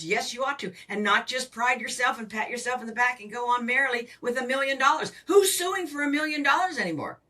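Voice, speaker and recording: Emphatic older woman, bright and distant. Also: fairly high pitch. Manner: emphatic, animated explaining. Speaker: financial coach guest. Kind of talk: podcast interview. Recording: voice distant from the mic.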